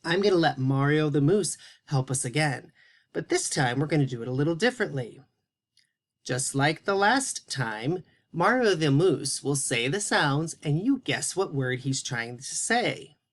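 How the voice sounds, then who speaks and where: Slow, patient male children's teacher. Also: on the high side, expressive. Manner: slow, encouraging, carefully spelled-out words for young kids. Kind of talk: children's phonics lesson.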